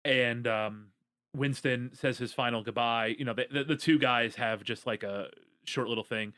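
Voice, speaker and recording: A man's voice: medium pitch, fairly even intonation, moderate pace, pushed and bright. A man co-hosting a podcast, walking through a movie plot casually with jokes and a wry tone. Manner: joking, wry storyteller, many "um"s. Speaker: podcast co-host. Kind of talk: casual movie recap chat.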